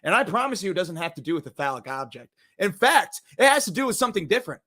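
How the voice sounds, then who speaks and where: A man's voice: high-pitched, big pitch swings, quick pace, bright, forceful tone. A young man hosting a casual entertainment news show, rambling and joking, cursing now and then and trailing off into mumbles. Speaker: podcast host.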